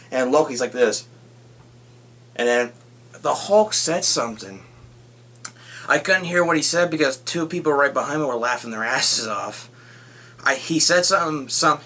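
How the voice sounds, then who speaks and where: A young man rambles through a casual movie review, retelling scenes and swearing freely. His voice is bright and forceful as he gets excited about it. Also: mid-range voice.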